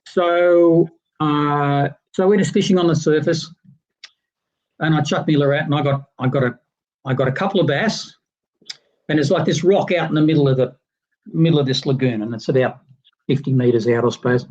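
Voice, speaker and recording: A man telling a rambling, animated fishing story in casual livestream chat, with plenty of restarts. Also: fairly high pitch, normal speed, highs cut off. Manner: rambling, animated anecdote teller with many restarts.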